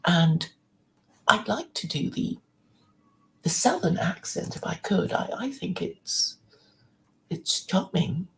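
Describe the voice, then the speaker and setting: A woman hosting a livestream in casual chat, rambling with many restarts and soft, half-whispered asides. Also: lowish voice, expressive, slow, long pauses, slight background noise, rough recording. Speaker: livestream host.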